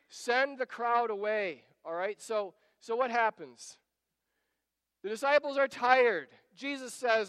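A man's voice: very high-pitched, moderate pace, fairly bright tone, clear, resonant tone, dry recording, in a large hall. A man preaching a sermon, reading scripture aloud and acting out the disciples' pleas in varied voices. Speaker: pastor. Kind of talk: expository sermon.

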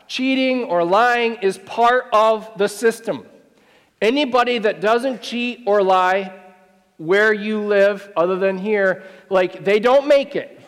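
A man's voice: high voice, takes it slowly, fairly bright tone, clean tone. A male pastor preaching a sermon, emphatic and conversational, with wry asides. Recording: long hall reverb.

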